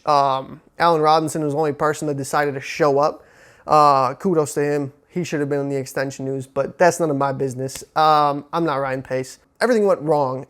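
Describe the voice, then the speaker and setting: A young man from Chicago giving casual, excitable football commentary as a sports vlogger, full of fillers and slang. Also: on the high side. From Chicago, USA.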